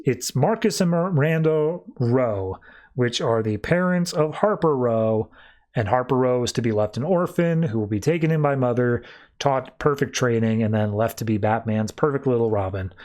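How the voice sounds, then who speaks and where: A man hosting a podcast, casually recapping a comic's plot with loose, lively quoted dialogue. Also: mid-range voice. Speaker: podcast host.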